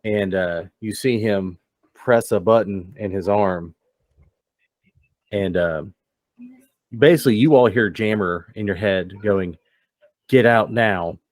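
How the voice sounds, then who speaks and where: Low-voiced man narrating a tabletop game. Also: slow pace, long pauses, no echo. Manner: relaxed, descriptive, loose with fillers. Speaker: game master.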